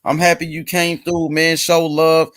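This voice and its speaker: A man chatting on a boxing panel, friendly and sure of himself. His voice is a little high. The room sounds dry and close. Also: flat delivery, a little slow, fairly bright tone, no room sound. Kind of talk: casual chat.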